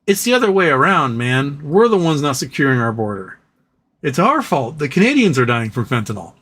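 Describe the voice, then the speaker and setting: Man, livestream host, sarcastic rants, fairly high voice, casual chat. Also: very animated, fairly quick, a bit bright. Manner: ranting, sarcastic, profane, reads chat messages aloud. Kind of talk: casual live-stream chat reading viewer comments.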